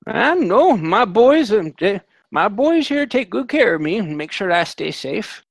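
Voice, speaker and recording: A man's voice: high voice, big pitch swings, measured pace, vocal fry, dry recording, pitched above the performer's own voice, heavily acted. A man voicing a friendly, hard-of-hearing old man who drives a wagon. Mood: cheerful.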